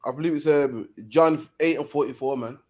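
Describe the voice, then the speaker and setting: A man's voice: a little high, normal speed, darkish tone. A man from Birmingham, England, co-hosting a podcast in heated casual chat, preachy and slangy, ending lines with "man". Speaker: podcast co-host.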